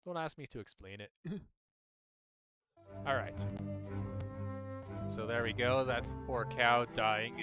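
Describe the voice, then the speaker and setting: A man in the middle of a live game stream, musing out loud about what he sees on screen. His voice sits in an ordinary middle range and leaps up when something excites him. Music plays clearly underneath him throughout. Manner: chatty, thinking aloud, quick pitch jumps when excited. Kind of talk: casual gameplay commentary.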